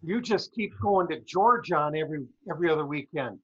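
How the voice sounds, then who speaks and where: Brief: chatty male co-host, high voice, muffled lo-fi sound, rambling and playful. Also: lively intonation, fairly quick, fairly bright tone, breathy edge. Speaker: co-host, former professor. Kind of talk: casual talk-show chat. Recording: dull lo-fi audio.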